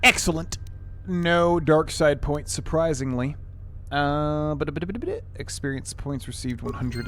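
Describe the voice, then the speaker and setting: A man's voice: on the high side, a bit bright, a little hiss or hum. A man streaming a video game, talking in a casual, rambling way and humming filler syllables while he plays. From United States. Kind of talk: let's play commentary.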